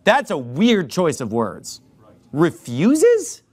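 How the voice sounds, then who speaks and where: High, lively preacher man. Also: moderate pace. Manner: emphatic preaching, drawing out key words; addresses listeners directly as folks. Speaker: pastor. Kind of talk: sermon.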